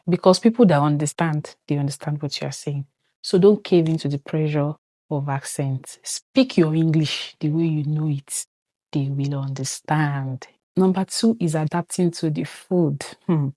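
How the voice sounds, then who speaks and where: A woman's voice: low voice, warm tone, no echo. A young Nigerian woman with a Nigerian accent, chatting to camera in a casual vlog and acting out little quoted exchanges as she tells her story. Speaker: vlogger.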